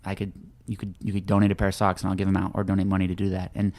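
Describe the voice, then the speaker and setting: Male podcast guest, low-pitched, rapid talker who trips over his openings. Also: completely flat delivery, a little mellow. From United States. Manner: rapid, repeats words when starting sentences. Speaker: guest author. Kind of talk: casual interview chat.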